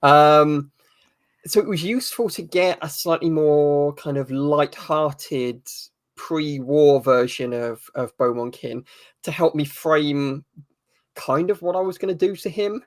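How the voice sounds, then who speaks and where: A man with a slightly high voice speaks slowly in a dry, echo-free recording. Interviewed as a guest author, he answers casually, thoughtful and a little hesitant, with a dry sense of humor.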